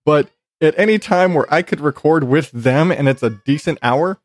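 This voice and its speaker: A man's voice: fairly high pitch, normal speed, no room sound. A man hosting a podcast from his bedroom, chatting casually, laughing often and swearing freely with lots of restarts. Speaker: podcast host. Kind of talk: casual chat. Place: home bedroom.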